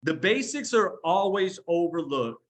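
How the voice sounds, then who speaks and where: A high-pitched, very animated man speaks unhurriedly while delivering a motivational training session on a video call. He's an online business trainer: talkative, blunt, and given to tough-love coaching.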